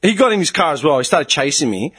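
A man in his thirties with an Australian accent, telling a story in casual chat, animated and swearing a lot as he acts out what people said. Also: a little high, quick pace, husky.

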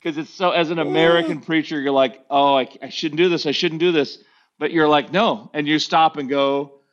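A man in his fifties with a slightly high voice tells stories with energy, acting out the lines of the people in them. His voice comes through dull, lo-fi podcast audio. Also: normal speed. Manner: animated storyteller who acts out other people's lines. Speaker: pastor, podcast guest. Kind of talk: casual storytelling conversation.

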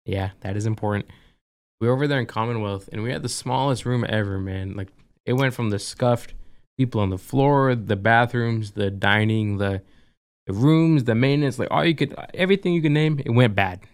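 A man's voice: medium pitch, moderate pace, clear, resonant tone. A young man in a college dorm room, co-hosting a podcast in a laid-back, slangy way. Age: young adult. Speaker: podcast co-host. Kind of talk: casual chat.

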